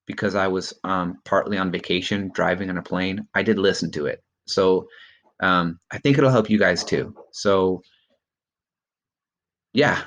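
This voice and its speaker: A man's voice: sits low, unhurried, a bit bright, a little hiss or hum. A male teacher giving a recorded remote lesson to his students, encouraging and loose, with many ums and okays.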